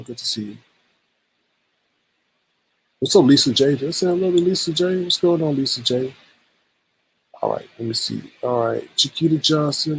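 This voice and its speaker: A man's voice: a little high, slightly rough, rough recording. A man hosting a live-stream gossip commentary show, teasing and exclaiming as he greets the chat and runs through the night's topics. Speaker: host.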